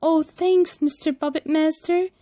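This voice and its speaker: An eager, brave puppet boy performed by a woman speaks in an earnest, pleading storybook voice. His lines climb high and are spoken slowly. The sound is mellow and dry. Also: no room sound.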